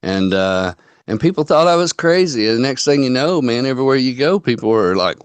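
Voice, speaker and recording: Folksy male host, mid-pitched, close dry sound, loose storytelling chat. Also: lively intonation, fairly quick, clear, resonant tone, no echo. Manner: folksy storyteller, quotes people in dialogue. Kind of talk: casual online chat.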